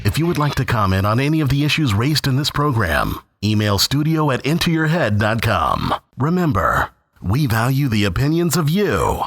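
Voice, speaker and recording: A man reads a mock-formal announcement with a lively, swinging pitch. Soft guitar plays behind his distant voice. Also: moderate pace.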